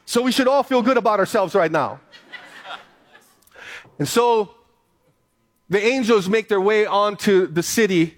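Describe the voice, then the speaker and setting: A high-pitched man delivers a sermon from the pulpit. He speaks earnestly, stressing his main points by repeating them. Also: unhurried, long pauses. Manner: earnest, repeats key phrases for emphasis. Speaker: pastor.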